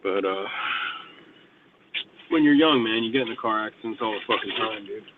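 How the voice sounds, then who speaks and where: A man from New York spins a loose, meandering anecdote, peppering nearly every sentence with curses and filler words. His voice sits at an ordinary male pitch. The recording is dull and lo-fi, with a faint hiss in the background. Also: normal speed. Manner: rambling, heavy swearing, filler words. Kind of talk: casual storytelling. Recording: muffled lo-fi with faint noise.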